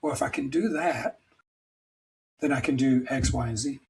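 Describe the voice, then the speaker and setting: A man's voice: mid-range voice, moderate pace, vocal fry, poor audio. A middle-aged man talking as a podcast guest, telling personal stories in a rambling, emphatic, self-deprecating way. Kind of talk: candid conversational storytelling.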